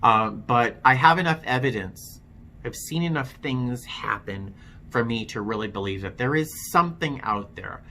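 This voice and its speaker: Frank, bright-voiced man telling his story. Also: medium pitch, lively intonation, normal speed, vocal fry, a little hiss or hum. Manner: frank, self-deprecating, conversational with many fillers. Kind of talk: candid personal storytelling to camera.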